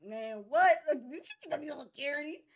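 A young woman co-hosting a casual podcast chat, animated and laughing, telling stories with plenty of swearing. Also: high-pitched, fast talker. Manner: animated, laughing, profane storytelling. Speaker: podcast co-host.

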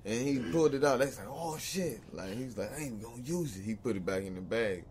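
A lowish male voice telling stories in a loose, animated way, often jumping up to mimic other people before dropping back down. He talks over a busy room, with other voices clearly heard behind him. The talk is casual and unscripted. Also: fast, a crowd in the background. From Long Beach, California. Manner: animated, acts out quoted voices, laughs often. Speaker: podcast guest. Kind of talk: casual storytelling chat.

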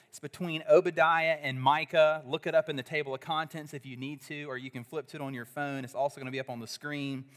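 A man preaching a sermon at a church service, animated and leading the congregation in call-and-response. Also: on the high side.

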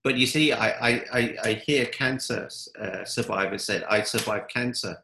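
A man's voice: mid-range voice, normal speed, bright, forceful tone, roomy sound, slight background noise, poor audio. A man giving upbeat motivational answers in an interview, telling stories. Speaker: guest, coach.

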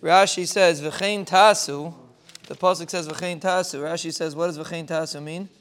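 A man's voice: on the high side, fairly even intonation, fairly bright tone, slight background noise. A man, giving an informal Torah talk that he explains step by step. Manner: explains step by step, ends in a fast rising string of blessings. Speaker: rabbi giving a short Torah thought.

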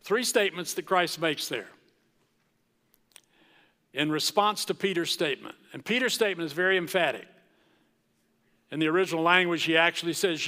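A man preaching a sermon as pastor, slow and emphatic, with dramatic pauses. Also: a little high, bright, forceful tone. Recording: long reverb of a large hall.

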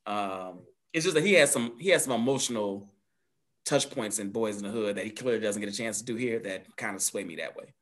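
A man co-hosting a casual movie discussion podcast, animated and laughing, swearing freely. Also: fairly low pitch, a little fast. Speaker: podcast co-host.

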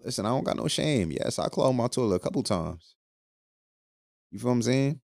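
A man's voice: medium pitch, lively intonation, brisk, vocal fry, darkish tone, dry recording, clean studio sound. A man hosting a podcast, ranting crudely and jokingly in a loose, rambling way, laughing often. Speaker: podcast host. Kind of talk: casual podcast rant.

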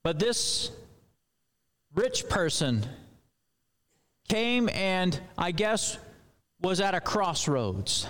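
New guy preaching, kinda rambly and chatty, voice on the higher side. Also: lively intonation, takes it slowly. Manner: conversational, rambling asides. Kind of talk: sermon.

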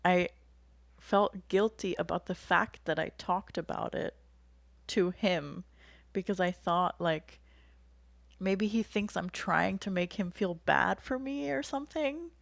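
A woman's voice: mid-range voice, creaky, no room sound. A young woman telling a personal story in casual conversation, candid and emotional, often laughing as she speaks.

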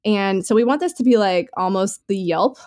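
A woman co-hosting a podcast in casual, easygoing chat. She rambles in an upbeat way and leans on fillers as she talks. Her pitch sits in an ordinary middle range. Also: moderate pace, darkish tone. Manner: chatty, filler-heavy, upbeat. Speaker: podcast co-host.

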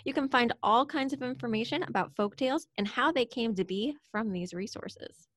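Woman library presenter, slightly high voice, dry close recording. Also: moderate pace, fairly bright tone, dry recording. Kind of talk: scripted discussion.

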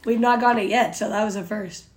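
A woman's voice: medium pitch, fairly even intonation, fairly quick, reverberant. A young woman co-hosting a casual podcast chat, laid-back and laughing along. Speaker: podcast co-host.

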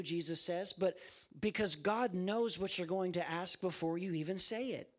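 Impassioned high-voiced male preacher. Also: lively intonation, measured pace, fairly bright tone. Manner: impassioned, addresses listeners as guys. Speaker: preacher at a campus ministry. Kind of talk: sermon.

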